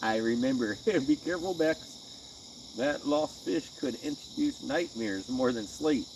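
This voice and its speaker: A man's voice: medium pitch, expressive, a little slow, background noise. A man hosting a live fishing stream from a riverbank at night, chatting with viewers in laid-back, slangy banter and laughing often. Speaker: livestream host. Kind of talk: casual live-stream chat.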